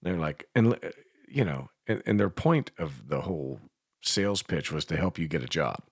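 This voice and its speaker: A man co-hosts a radio show in a studio, speaking with an Appalachian accent in a rumbling low, husky voice with lively intonation at a moderate pace. The sound is dry and clean. Foul-mouthed and quick to laugh, he tells self-mocking stories in casual chat.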